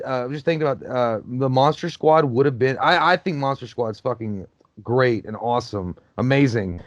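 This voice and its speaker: A man's voice: medium pitch, no echo. A man talks through a movie in a loose, profane, joking way, riffing on what is on screen. His voice sits in the middle range. The recording is dry and a little dull, as if made on a basic home mic. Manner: profane, joking, riffs on the film. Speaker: movie commentary host. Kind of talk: casual movie commentary.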